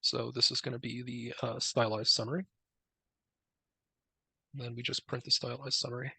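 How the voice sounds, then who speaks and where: Gravelly man walking through a demo. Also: medium pitch, moderate pace. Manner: relaxed, filler-heavy explaining. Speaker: presenter demoing a tool. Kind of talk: live software demo.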